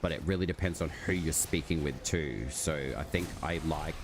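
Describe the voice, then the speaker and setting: A man's voice: extremely low pitch, fairly quick. A man streaming a game, chatting casually with his viewers and rambling with lots of "like" fillers. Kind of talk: casual live-stream chat while gaming. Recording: steady background noise.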